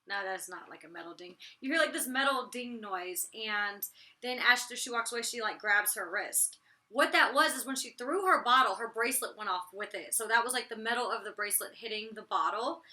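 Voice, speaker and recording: A young woman with a raspy voice, chatting bluntly and casually about her own reality TV episode, full of slang and mild swearing. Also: on the high side, sharp tone. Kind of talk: casual vlog commentary.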